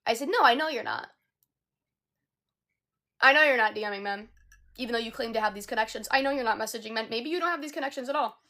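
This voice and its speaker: Gravelly, higher-voiced young woman telling stories. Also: fast talker, long pauses. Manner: animated, indignant retelling of a conversation. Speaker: live streamer. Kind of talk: casual storytelling. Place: indoors on a sofa.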